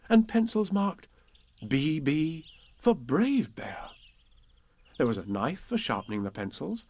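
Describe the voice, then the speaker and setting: Man narrating a storybook, gentle and measured, lively melody, dry close sound. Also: mid-range voice, no room sound. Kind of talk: storybook reading aloud.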